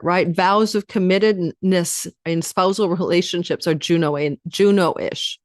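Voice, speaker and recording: A woman astrologer giving a chatty weekly forecast, talking fast and speaking straight to her viewers. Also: lowish voice, fairly even intonation, no room sound, studio quality. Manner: addresses viewers directly.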